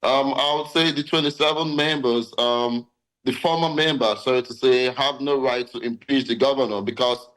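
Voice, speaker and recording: A man's voice: mid-range voice, fairly even intonation, moderate pace, a bit bright, rough recording. A man answering questions as a guest in a news interview, talking hesitantly with many fillers and repeated words. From Nigeria. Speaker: interview guest, local stakeholder. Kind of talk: live interview.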